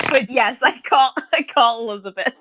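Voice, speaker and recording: A woman's voice: on the high side, unhurried, a bit bright, no room sound. A woman playing her character in a tabletop game, hesitant and laughing often. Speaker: tabletop player. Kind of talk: casual play in character.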